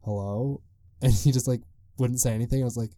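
A man's voice: medium pitch, flat delivery, fast, mellow, dry recording, studio quality. A young man hosting a casual solo podcast, rambling with lots of "like" and frequent chuckles. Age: young adult. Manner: rambling, peppered with "like", chuckles often. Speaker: podcast host.

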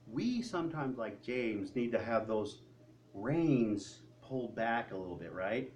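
Animated male pastor, distant church mic. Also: medium pitch, a little slow. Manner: animated, conversational preaching with acted quotes. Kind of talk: sermon. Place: church sanctuary. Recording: distant mic with faint room noise.

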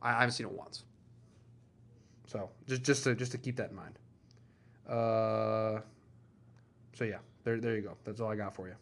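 A man's voice: lowish voice, steady tone, normal speed, long pauses. Rambling man hosting a chatty show. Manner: chatty, rambling, circles back on his points. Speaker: podcast host. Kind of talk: casual chat.

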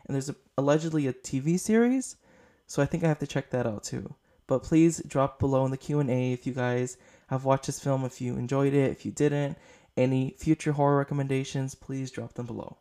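Tired guy rambling through his podcast review, lots of likes and ums, soft warm voice. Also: medium pitch, brisk. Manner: rambling and gushing, with many fillers. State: short on sleep, up late. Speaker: podcast host. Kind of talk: casual podcast film review.

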